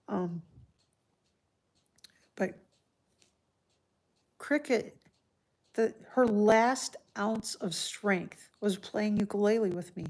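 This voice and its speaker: Woman chatting on her home livestream, soft and heartfelt, reads out viewers' names, mid-range voice. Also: medium pitch, slow pace, long pauses. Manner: chatty, answers viewer comments by name. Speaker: livestream host. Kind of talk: casual live-stream chat.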